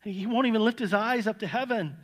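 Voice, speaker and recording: Male pastor, high voice, earnest sermon delivery with repeated words, long hall reverb. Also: fast. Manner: earnest, repeats words when stressing a point.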